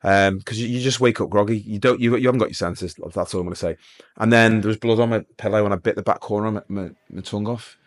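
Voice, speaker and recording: Middle-aged man, ex-police sergeant guest, rapid low-voiced storyteller. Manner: lively anecdotal, acts out dialogue. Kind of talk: casual storytelling interview.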